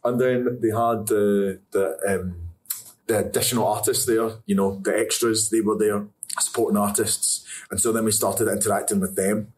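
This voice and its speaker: A man's voice: on the low side, steady tone, normal speed, darkish tone. A young Scottish man answering interview questions about acting, chatty and rambling, often laughing. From Scotland. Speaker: actor interviewee. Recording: distant mic with faint ambience.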